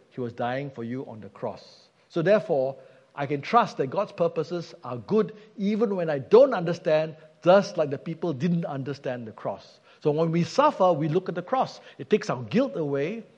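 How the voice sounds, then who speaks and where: A man's voice: fairly high pitch, a little mellow, slightly rough. A man preaching a sermon, earnest and emphatic, asking rhetorical questions. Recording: dull sound with long hall reverb.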